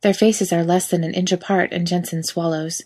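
Brief: female reader, slightly low pitch, wry lively storytelling. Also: normal speed. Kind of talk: reading fan fiction aloud.

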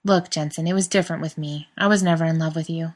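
A woman's voice: low voice, fairly even intonation, fast. A woman voicing a mild, sarcastic male friend who speaks in a matter-of-fact way in a read-aloud story. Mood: wry.

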